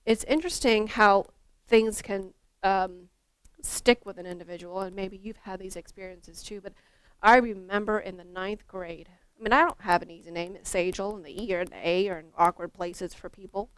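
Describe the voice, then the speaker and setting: Woman, workshop leader for teachers; chatty storyteller, medium pitch, dry close sound. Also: moderate pace, clean tone, no echo. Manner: conversational, storytelling, many fillers and restarts. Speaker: teacher trainer, former school counselor.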